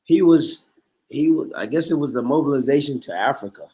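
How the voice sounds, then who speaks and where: A man's voice: medium pitch, expressive, a little fast, dark tone. A man in a casual podcast conversation who backs up the speaker with short affirming replies.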